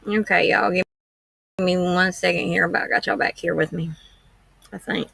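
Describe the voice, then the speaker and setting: A woman chats with her livestream audience from home, frank and homespun. Her voice is bright and forceful, with gravelly fry at the ends of phrases. The sound is close and dry. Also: on the low side, steady tone, normal speed, dry recording. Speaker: true-crime livestream host. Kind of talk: casual livestream chat.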